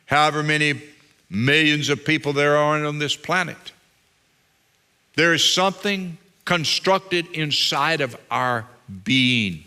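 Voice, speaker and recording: A man's voice: a little high, takes it slowly, sharp tone, clean tone. A man preaching a sermon as pastor, emphatic and fond of repeating phrases for weight.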